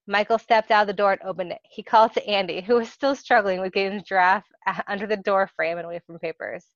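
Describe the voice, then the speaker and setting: A woman's voice: mid-range voice, fast talker, few pauses, dry recording. A woman podcast host reading fan fiction aloud, giggling and laughing often as she goes. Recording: dull dry lo-fi recording.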